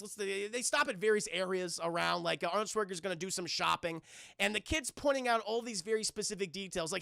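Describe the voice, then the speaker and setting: A man's voice: sits high, a little fast, gravelly, pushed and bright, no room sound, studio quality. A man casually retelling a film on a live stream, rambling, swearing and talking to his chat. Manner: rambling, profane, talks to chat.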